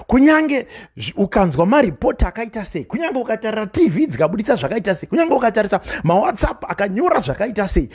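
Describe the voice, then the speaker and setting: A man preaching a sermon from home, switching between Shona and English, with rising passion and shouted calls. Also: sits high, very animated, fast talker, breathy edge. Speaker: pastor.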